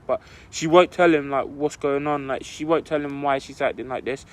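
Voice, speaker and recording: A man's voice: a little high, steady tone, normal speed, few pauses. A young man, co-hosting a podcast and telling a long story in casual chat, rambling and filling his talk with "like". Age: young adult. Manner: rambling, fills with "like" constantly. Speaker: podcast co-host.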